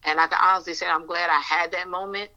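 A woman's voice: lowish voice, steady tone, fast, pushed and bright, lo-fi sound. A woman giving a fervent, emotional personal testimony in a faith podcast interview, telling her story vividly. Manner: fervent, storytelling, acts out her prayers with God. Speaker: minister sharing a testimony.

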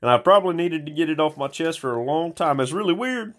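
A man in a small room at home talking into a phone, rambling and swearing in a slightly hoarse stream of consciousness. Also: on the high side, expressive, fast, fairly bright tone. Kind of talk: rambling casual monologue.

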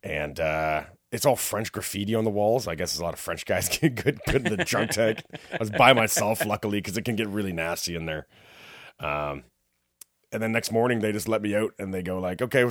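A man's voice: fairly low pitch, a little fast, no room sound, clean studio sound. A man on a casual podcast, telling a story and acting out the people in it. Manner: animated storyteller who acts out the people in his tale. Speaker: podcast co-host.

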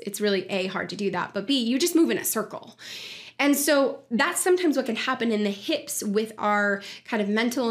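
A woman hosting a wellness podcast, talking in an earnest, reflective way and often quoting her own thoughts. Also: on the high side. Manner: earnest, reflective, speaks with frequent fillers and self-quoting. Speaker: podcast host, wellness coach. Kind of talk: casual explanatory monologue.

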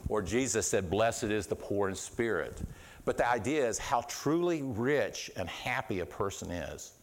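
A middle-aged man preaching a sermon in an earnest way, often repeating words and restarting, his voice swinging between quiet and raised. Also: fairly low pitch, expressive, measured pace, a little hiss or hum. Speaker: pastor.

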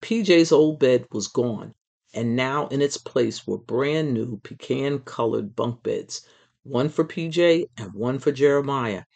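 A storyteller reading a children's book aloud in an expressive, measured way. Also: medium pitch, gravelly.

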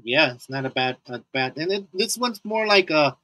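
A man's voice: a little high, moderate pace, bright, forceful tone, no room sound, poor audio. A man co-hosting a casual fantasy baseball podcast, laughing often and restarting his sentences. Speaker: podcast co-host. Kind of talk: casual sports chat.

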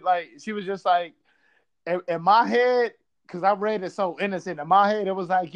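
A man's voice: high-pitched, moderate pace. A man from Buffalo telling a casual story, swearing freely and acting out quotes. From Buffalo, New York.

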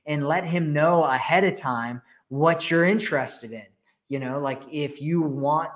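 A man hosting a dating advice podcast, talking casually with many fillers and restarts. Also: fairly high pitch. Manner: chatty, lots of fillers and restarts.

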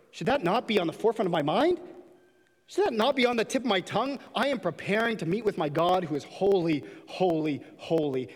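A man's voice: a little high, in a large hall. A man preaching a sermon in a church, impassioned, sometimes putting on mocking voices to make a point. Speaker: pastor.

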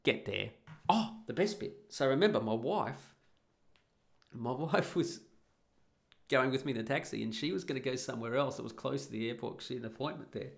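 A man's voice: medium pitch, expressive, brisk, creaky. A middle-aged man telling a casual anecdote in a blunt, profane, emphatic way. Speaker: storyteller.

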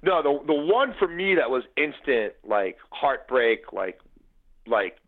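A mid-range voice speaks slowly over tinny phone audio: a man in his forties from the Baltimore area, guesting on a podcast. He swaps sports stories casually and animatedly, often restarting and using fillers.

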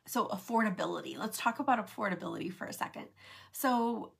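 Husky, gravelly-voiced woman chatting live. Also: medium pitch, lively intonation, fairly quick. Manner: chatty, many "like" fillers, acts out quoted voices. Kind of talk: casual live-stream talk.

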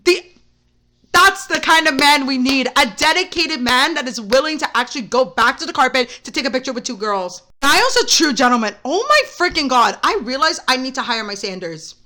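Young female podcast host, high bright voice, rambling and excitable storyteller. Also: a little fast. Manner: rambling, excitable, heavy use of "like". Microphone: camera mic.

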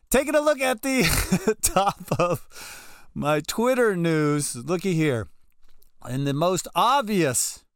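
A man hosting a casual political commentary show, reading news aloud in an animated, jokey manner. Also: smooth, dry recording, studio quality. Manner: animated, jokey, swings between high excited bursts and low soft sign-offs.

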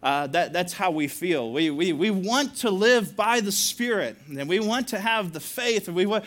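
A man's voice: high voice, lively intonation, normal speed, fairly bright tone. A male pastor preaching a sermon, telling stories with laughs and asides to the congregation.

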